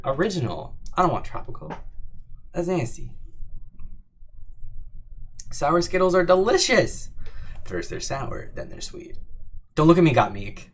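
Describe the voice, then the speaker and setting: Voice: medium pitch, slight background noise. A young adult livestream host in casual Q&A chat, reading questions and answering in a playful, jokey, teasing way with frequent laughs.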